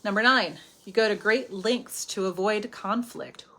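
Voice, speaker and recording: A woman hosting a live self-help talk, chatty and animated, often dropping to a whisper for asides. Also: mid-range voice, a little slow. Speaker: healing coach hosting a live stream.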